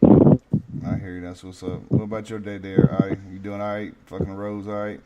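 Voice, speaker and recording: A man with a Southern US accent from North Carolina, hosting a casual profane podcast chat, telling stories loudly and laughing often. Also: on the low side, little pitch movement, moderate pace, muffled recording, crowd noise. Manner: loud, laughing, drawling storyteller. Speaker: host.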